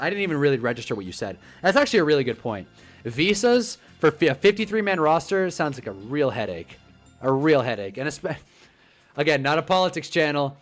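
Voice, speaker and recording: A young man hosting a casual football livestream, animated and rambling, joking as he reacts to chat. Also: a little high. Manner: animated, rambling, quick to joke.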